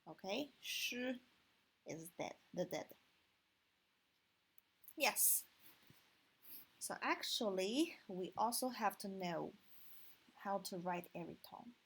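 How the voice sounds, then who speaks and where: Slow husky-voiced woman teaching Chinese. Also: mid-range voice, animated, rough recording. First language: Mandarin Chinese. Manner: patient, explains step by step with frequent "okay". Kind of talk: online language lesson.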